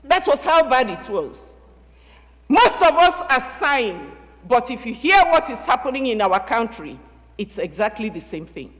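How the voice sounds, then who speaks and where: Animated woman preaching. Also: a little high, normal speed, big-room sound. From Nigeria. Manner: storytelling sermon, acts out dialogue with swings of loudness. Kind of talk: sermon.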